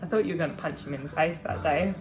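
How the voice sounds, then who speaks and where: A woman's voice: low-pitched, fast, music in the background. A woman in her thirties chatting casually on a vlog, earnest and reflective, talking in long run-on sentences. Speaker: vlogger. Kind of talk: casual chat.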